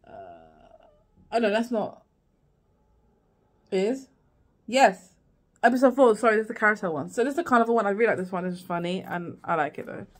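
A woman with a medium-pitched voice recaps a TV series in a casual vlog, speaking a little fast but leaving long pauses. She rambles with many fillers and restarts and acts out lines from the show.

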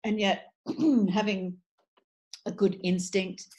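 A woman's voice: medium pitch, takes it slowly, dull audio. A woman, a voice and dialect coach, speaking articulately and with energy in an interview. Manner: articulate, animated, restarts phrases. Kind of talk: interview conversation.

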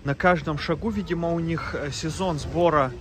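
A man's voice: a little high, a little fast, over music. A man narrating a travel vlog in a loose, casual way, with filler sounds. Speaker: travel vlogger.

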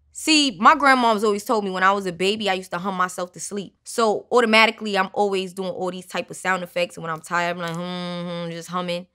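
A woman rapper from Brooklyn, casually breaking down her song in a lively way and dropping into ad-lib sounds. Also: on the low side, fairly quick, few pauses, clear, resonant tone. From Brooklyn, New York.

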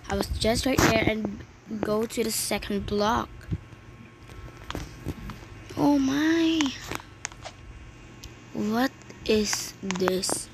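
A woman from the Philippines, giving excitable, chatty commentary on her gameplay with many exclamations. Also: mid-range voice. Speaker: gaming channel host. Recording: clear background noise with clicks.

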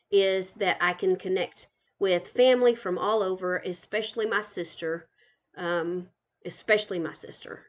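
An older woman, a grandmother, chatting warmly as she tours a game island live, gushing and giggling. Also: mid-range voice. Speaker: gaming channel host. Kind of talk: casual live game tour commentary.

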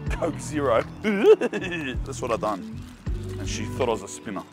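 A young Australian man hosting a food vlog, chatting in a loud, joking, slangy way. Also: mid-range voice, sing-song, measured pace, over music. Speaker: food vlogger host. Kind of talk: casual vlog chat.

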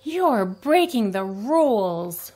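A woman voicing a fussy, busy male librarian in a storybook, speaking loudly and insistently. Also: fairly high pitch, lively intonation, normal speed. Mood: exasperated. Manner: loud, exasperated, insistent.

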